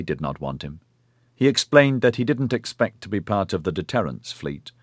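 A man reading a science-fiction audiobook as narrator in a steady, even storytelling delivery. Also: sits low, dry recording, clean studio sound. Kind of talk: scripted narration.

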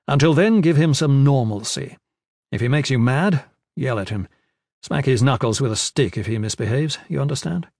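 A man's voice: medium pitch, expressive, moderate pace, creaky, darkish tone, no echo, clean studio sound. A man voicing a powerful male lord who speaks earnestly and gives firm orders. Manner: earnest, commanding.

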